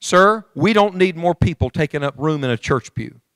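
Man preaching, fervent, rising and falling, slightly high voice, dry sound. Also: expressive, moderate pace, fairly bright tone, dry recording. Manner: fervent, rising and falling, addresses the congregation directly. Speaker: evangelist preacher. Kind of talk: sermon. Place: church.

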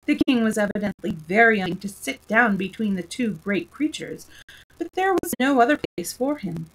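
A woman storyteller reading a classic storybook aloud in a lively, expressive way. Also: mid-range voice, moderate pace, poor audio.

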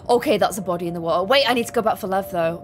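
A young woman streaming a game live, excitable, panicking and rambling with her chat. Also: medium pitch, racing, background noise. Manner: excitable, shifts into loud panic and chatty rambling. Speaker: gaming streamer. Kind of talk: live let's play commentary.

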